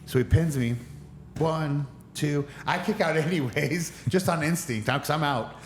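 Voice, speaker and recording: A man's voice: on the high side, measured pace, a little hiss or hum. A man who is a guest on a podcast, telling a story with lots of energy and acting out the other people's lines in a raised voice. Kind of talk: animated storytelling.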